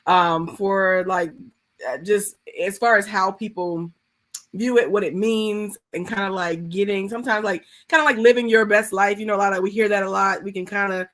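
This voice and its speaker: A woman's voice: mid-range voice, fairly even intonation, normal speed, a bit bright. A woman hosting a live video conversation, casual and rambling, full of "like" and "kinda". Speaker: host. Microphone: video call.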